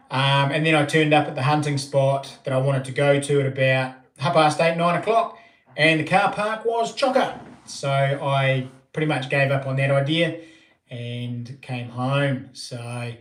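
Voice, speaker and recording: Rambling New Zealand man, roomy echo. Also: mid-range voice. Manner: rambling, many ums and restarts. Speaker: live-stream host. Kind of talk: casual live-stream chat.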